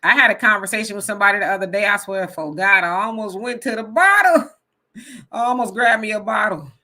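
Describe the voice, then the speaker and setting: Woman host, bright tone, animated casual live-chat delivery, reads comments. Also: medium pitch, brisk. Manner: animated, laughs often, reads comments aloud.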